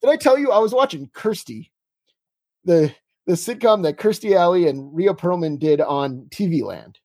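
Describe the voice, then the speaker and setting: A man's voice: high-pitched, expressive, dark tone, dry recording. A man co-hosting a podcast, chatting casually and wryly about old TV shows. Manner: chatty, wry, quick asides. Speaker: podcast co-host.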